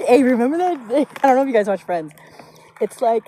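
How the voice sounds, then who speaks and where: A woman's voice: a little high, animated, moderate pace, mellow, poor audio. A woman giving an intuitive card reading in a rambling, casual way, swearing freely and laughing often. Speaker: intuitive reader. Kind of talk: casual spiritual reading monologue.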